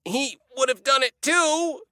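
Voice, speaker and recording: A man voicing a defiant thug who shouts back while beaten. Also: very high-pitched, takes it slowly, dry recording, clean studio sound, pitched above the performer's own voice, exaggerated voice.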